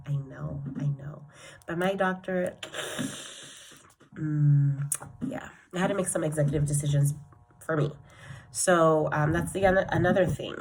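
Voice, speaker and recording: Young woman, low voice, soft and rambling; diary-style vlog, thinking aloud to herself. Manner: rambling, reflective, talks to herself; soft and earnest, often trails off. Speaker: vlogger.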